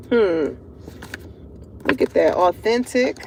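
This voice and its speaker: A woman giving a casual tarot reading to her viewers, animated and slangy, laughing often. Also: on the high side, normal speed, background noise. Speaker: tarot reader.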